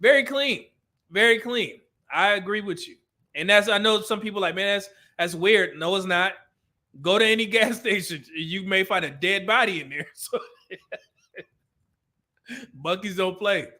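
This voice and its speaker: A man with a high, bright voice chats loosely on a live stream. He reacts to viewer comments as they come in and breaks into laughter often. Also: moderate pace, long pauses. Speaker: livestream host reading chat. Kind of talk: casual live-stream chat.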